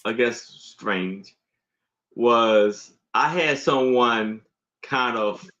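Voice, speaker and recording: Slow, halting male co-host, mid-pitched, dull lo-fi stream sound. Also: a bit bright. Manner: unhurried, halting, with many restarts. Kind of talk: casual chat.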